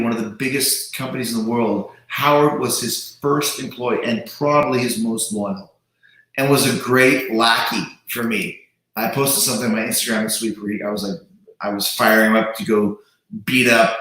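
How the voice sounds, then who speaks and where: Chatting casually on a livestream he hosts, a man talks with animation and rapid restarts, imitating voices with wide pitch jumps. The room sounds very echoey.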